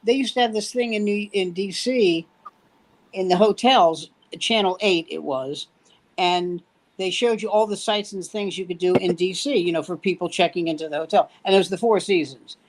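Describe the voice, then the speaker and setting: A man's voice: high-pitched, normal speed, rough recording. Older man telling comedy stories. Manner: animated anecdotes with punchy joke delivery. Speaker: veteran comedian guest. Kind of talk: casual storytelling chat.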